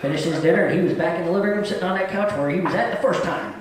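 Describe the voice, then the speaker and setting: A man's voice: high voice, rapid-fire, heavy reverb, noisy background. A middle-aged man doing a live stand-up set on a comedy club stage, telling stories in a plain-spoken, folksy way.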